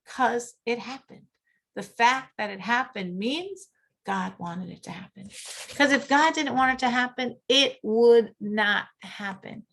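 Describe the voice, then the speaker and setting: Teacher, woman, middle-aged; high, bright voice; animated, laughs often. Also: measured pace, creaky. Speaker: teacher of a women's class. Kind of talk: lecture with group discussion.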